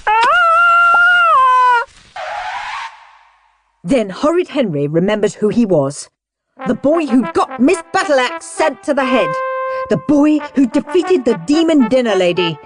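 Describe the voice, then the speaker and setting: A woman narrating a children's audiobook in an expressive way, acting out the characters. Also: a little high, normal speed. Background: background music.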